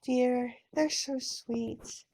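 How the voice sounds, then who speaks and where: A woman voicing a gentle, pregnant mother who pleads softly, in a bedtime-story audiobook reading. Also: sits high, steady tone, slow pace, vocal fry, a little hiss or hum, heavily acted. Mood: tender. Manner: soft, pleading.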